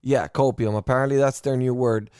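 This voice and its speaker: Male podcast host from Miami, mid-pitched, unfiltered and profane, smooth resonant tone, dry sound. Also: fairly even intonation, a little fast, a little mellow, no room sound. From Miami, United States. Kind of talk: casual political podcast talk.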